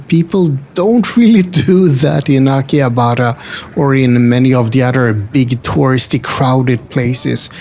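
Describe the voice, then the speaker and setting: Slow-talking gravelly man. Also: mid-range voice. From Sweden. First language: Swedish. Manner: chatty, wry asides and gentle jokes. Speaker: travel vlogger and host. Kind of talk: casual walking-tour narration. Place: indoor multi-floor retro game store.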